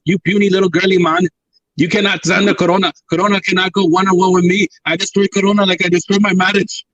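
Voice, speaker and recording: A man's voice: high-pitched, little pitch movement, quick pace, a bit bright, dry recording, distant mic, highs cut off. A man putting on a boastful bodybuilder politician with a put-on German accent. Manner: blustering, chest-thumping. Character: bodybuilder governor, male, boastful and brash.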